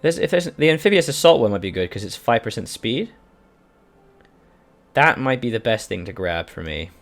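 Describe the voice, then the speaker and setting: A man talks through a strategy game at his desk mic in a loose, chatty way, cursing now and then. His voice sits at an ordinary middle pitch. He keeps stopping to answer viewers in his live chat. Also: animated, normal speed, creaky. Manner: chatty, profane, reads out chat questions. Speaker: video game streamer. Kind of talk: casual gameplay commentary.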